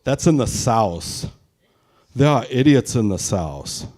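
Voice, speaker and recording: A man's voice: medium pitch, big pitch swings, slow, a little mellow. A man voicing a blunt German army clerk who speaks in broken English.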